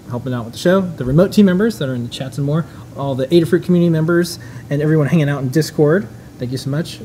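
A man's voice: a little high, darkish tone, a little hiss or hum, low-quality recording. A man hosting a live engineering stream, talking in a laid-back, rambling and informal way. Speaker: host. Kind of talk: casual live-stream chat.

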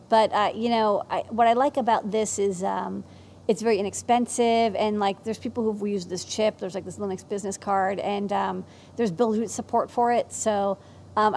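A woman's voice: medium pitch, creaky, darkish tone, slight background noise. Chatty woman co-host. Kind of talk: casual chat.

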